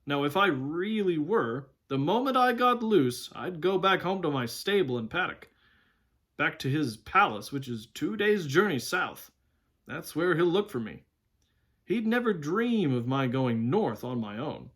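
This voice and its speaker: A man's voice: a little high, very animated, measured pace, a bit bright, voice pushed up, full character voice. A man voicing a proud, stern talking male war horse in a storybook read-aloud, lofty and scornful of humans.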